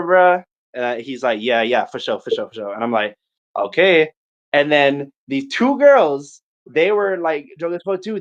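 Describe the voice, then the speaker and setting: Here a young man chatting on a podcast spins out a lengthy, swear-filled party tale with lots of energy, voicing his friends in rapid snippets. His pitch is fairly high, and the audio is dull.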